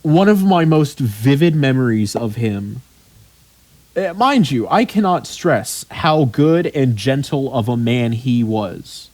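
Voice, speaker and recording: A man's voice: medium pitch, lively intonation, takes it slowly, a little mellow, no room sound. Rambling, swearing male podcast host. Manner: rambling, swears freely, many ums. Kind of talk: casual chat.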